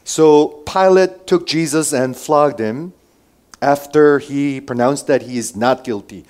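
A pastor preaches a sermon in a mid-range voice, taking it slowly. He shifts between loud, emphatic lines and quiet asides, and asks his listeners many rhetorical questions.

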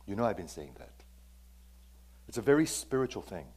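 Emphatic low-voiced male pastor preaching. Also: big pitch swings, brisk, darkish tone, breathy edge. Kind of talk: sermon.

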